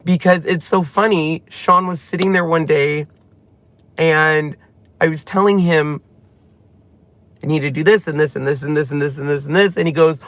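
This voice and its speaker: A man's voice: a little high, fairly bright tone, no echo. A man hosting his own channel, talking in an emotional, rambling way and close to tears as he retells conversations. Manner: tearful, heartfelt, rambling retelling. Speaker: channel host. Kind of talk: emotional personal vlog talk.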